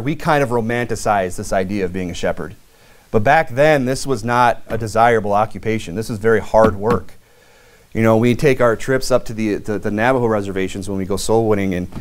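Conversational male pastor preaching. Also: medium pitch. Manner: conversational preaching with many fillers and restarts. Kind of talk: sermon.

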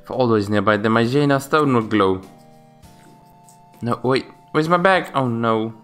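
A man's voice: mid-range voice, animated, normal speed, a bit bright, clean tone, soft background music, lightly acted. A man reading aloud for an anxious young girl summoner who talks to herself. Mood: worried.

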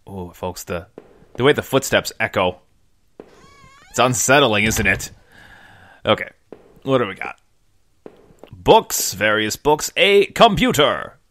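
A man's voice: on the low side, big pitch swings, slow pace, long pauses, a bit bright. Chatty man doing gameplay commentary. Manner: chatty, jokey, addresses viewers as folks. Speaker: game video host.

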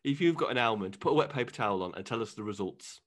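A man's voice: medium pitch, expressive, quick pace, fairly bright tone. A man co-hosting a podcast, chatting casually and jokily and slipping into silly voices. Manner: jokey, drifts into silly voices and impressions. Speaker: podcast co-host. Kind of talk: casual comedic chat.

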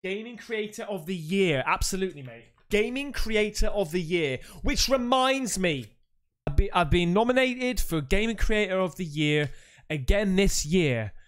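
A man hosting a casual unboxing vlog, chatty and excitable, calling his viewers mate. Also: high-pitched, normal speed. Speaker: YouTube host.

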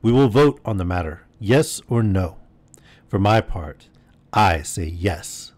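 A man's voice: low-pitched, animated, takes it slowly, darkish tone, no echo. A man reading aloud and voicing an impatient male gnome king in a storybook, speaking abruptly and firmly.

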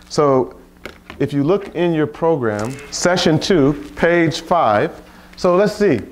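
Animated, high-pitched man preaching slowly. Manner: animated, with rhetorical questions and playful asides. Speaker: Bible study leader. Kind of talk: informal preaching at a retreat.

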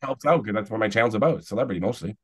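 Casual podcast guest, man in his forties, low voice, loose rambling storyteller. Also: very fast, slightly rough. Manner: rambling storyteller, restarts, chuckling asides. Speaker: podcast guest, celebrity YouTuber.

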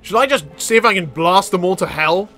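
A man with a high, bright voice gives let's-play commentary over a video game. He yelps, cackles and chatters at what happens on screen, and faint game music plays behind him. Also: expressive, fairly quick. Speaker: gaming YouTuber.

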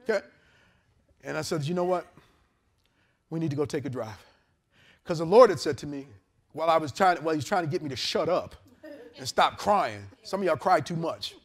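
A male pastor, preaching a storytelling sermon to his congregation. He tells the story with lively character voices and laughter. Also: a little high, brisk, pauses often. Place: church service in a hotel venue. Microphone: handheld or lapel mic.

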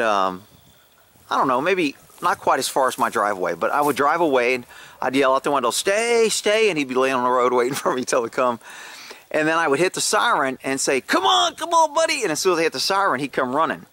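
A man's voice: mid-range voice, pushed and bright. A middle-aged man telling a rambling, casual story outdoors into a handheld phone, swearing freely and laughing at himself. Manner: chatty, swears casually, laughs at own stories. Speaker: vlogger, horse owner.

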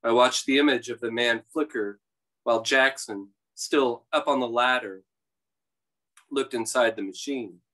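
A man, the author, introducing and reading aloud from his novel at a public library event, pausing with fillers as he talks. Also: medium pitch, sharp tone, poor audio. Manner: halting, many fillers and restarts before reading.

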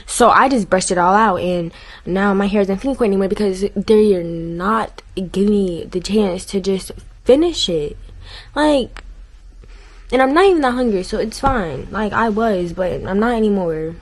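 A woman's voice: medium pitch, moderate pace, low-quality recording. Chatty teen girl rambling at home. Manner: frustrated venting. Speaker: vlogger. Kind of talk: casual vlog chat. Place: home, bedroom and bathroom. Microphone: camera mic.

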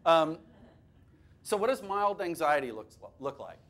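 In a classroom or workshop room before a live audience, a man runs a teacher training workshop. His voice is on the high side and unhurried, and he keeps things lively and conversational, cracking jokes and putting questions to the audience.

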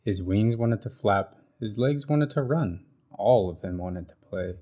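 A man reading a children's picture book aloud with expressive storybook delivery. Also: lowish voice, unhurried.

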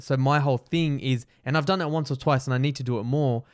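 A man's voice: medium pitch, steady tone, fast. A middle-aged man with an Australian accent speaks as a podcast guest in a studio. His delivery is earnest and motivational, and he doubles words for emphasis. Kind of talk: casual podcast conversation.

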